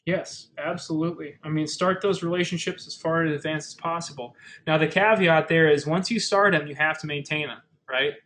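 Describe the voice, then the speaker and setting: A man with a somewhat high-set voice walks listeners through practical advice in an easy, conversational webinar tone. He pads his sentences with fillers and often restarts mid-phrase. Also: steady tone, fairly quick, a bit bright, a little hiss or hum, low-quality recording. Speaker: webinar presenter. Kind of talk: casual explanatory webinar talk.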